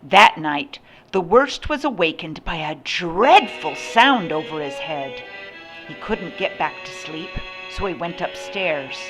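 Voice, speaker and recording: An older woman reading a picture book aloud with slow, expressive storytelling. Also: low voice, faint music behind. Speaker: storybook reader.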